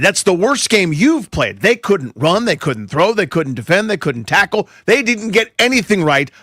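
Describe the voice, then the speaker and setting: Animated, high-pitched sports radio co-host. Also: male voice, dry recording, clean studio sound. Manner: animated, exasperated, sarcastic. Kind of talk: opinionated sports banter.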